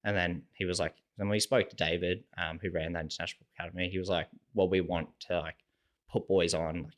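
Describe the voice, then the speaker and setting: A young Australian man, a podcast guest, casually telling stories and acting out what people said, with "like" in nearly every sentence. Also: low voice. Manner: relaxed, animated storyteller acting out quoted dialogue, heavy use of "like". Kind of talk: casual storytelling chat.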